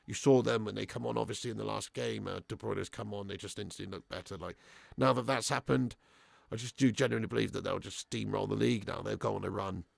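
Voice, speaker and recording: A man's voice: fairly low pitch, fairly even intonation, quick pace, creaky. A young man hosting a live match watch-along, swearing freely and reading out viewer messages. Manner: crude, swearing fan banter; reads out viewer super chats. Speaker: fan channel host.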